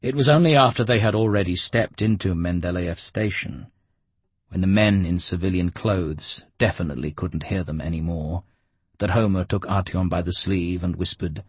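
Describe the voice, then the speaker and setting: A man reading an audiobook in a measured, steady storytelling manner. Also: low-pitched, breathy edge, dry recording. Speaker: audiobook narrator. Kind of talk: scripted narration.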